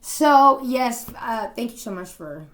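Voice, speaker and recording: A woman's voice: on the high side, lively intonation, takes it slowly, fairly bright tone. A woman guest on a podcast, talking casually and bluntly, brash in tone. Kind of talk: casual interview chat.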